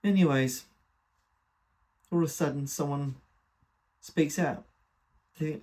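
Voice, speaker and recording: A man's voice: on the high side, unhurried, long pauses, a little mellow, slightly rough. A man reading a comic dramatic monologue in the first person, with a wry, gossipy delivery. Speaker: reader.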